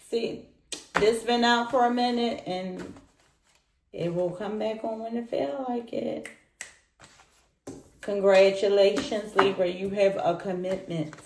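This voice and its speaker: A woman's voice: medium pitch, darkish tone, slight background noise. A woman giving a casual tarot reading, speaking straight to the listener and repeating her points. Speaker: tarot reader. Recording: roomy echoey room.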